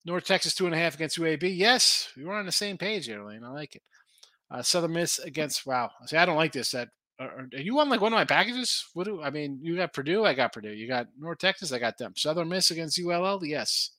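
On a late-night sports betting stream, a male host thinks aloud over the lines and answers viewers, rambling casually as he reads their picks. His voice sits on the high side, animated and fairly quick, with a pushed, bright quality and no echo.

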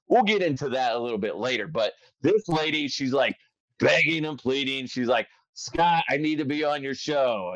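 A man hosting a podcast, chatting and joking quickly with a guest. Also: medium pitch, no echo, highs cut off. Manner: jokey, quick, animated. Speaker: podcast host. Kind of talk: casual interview chat.

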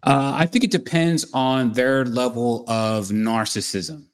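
A man speaking as a podcast guest, giving measured, analytical commentary. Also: medium pitch, fairly even intonation, clear, resonant tone.

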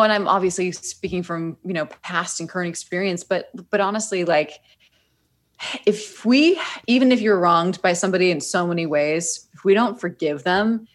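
A woman co-hosting a casual podcast, giving earnest, reflective advice. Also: on the low side. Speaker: podcast co-host. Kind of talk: casual chat.

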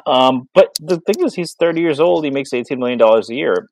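A man's voice: mid-range voice, lively intonation, fairly quick, darkish tone, no room sound, poor audio. Rambling man on a dry mic. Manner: rambling, many fillers and restarts. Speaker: podcast co-host. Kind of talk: casual sports chat.

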